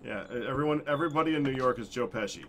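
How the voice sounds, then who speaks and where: A man's voice: medium pitch, very fast, fairly bright tone, a little hiss or hum. A man hosting a casual gaming session, teasing and amused by his friends. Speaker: host of gaming series.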